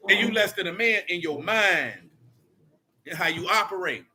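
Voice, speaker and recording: A man's voice: sits high, animated, normal speed, a crowd in the background. A man leading a casual Bible study, blunt and slangy as he preaches and rants.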